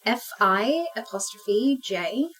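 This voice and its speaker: A woman narrating as game master of a tabletop game, measured with fillers, heard on a distant mic with faint music. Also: medium pitch, lively intonation, a bit bright.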